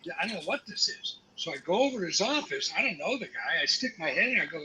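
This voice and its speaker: Older male guest, profane raconteur, bright and forceful tone. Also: sits high, quick pace, hardly any pauses, slight background noise, low-quality recording. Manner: profane, animated, acts out quotes. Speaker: guest actor. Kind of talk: anecdotal storytelling to a live audience.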